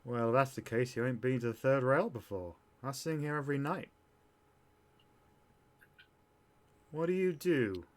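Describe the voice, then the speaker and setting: A man's voice: medium pitch, brisk, lightly acted. A man playing a cool, worldly lounge singer woman. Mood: curious. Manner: cool, blunt, flirtatious.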